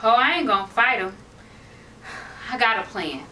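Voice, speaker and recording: A woman's voice: fairly high pitch, expressive, normal speed, bright, forceful tone, slight background noise. A woman acting in a comedic drama, talking in a sassy, exasperated way. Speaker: actress in a short film. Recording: distant mic with music bed.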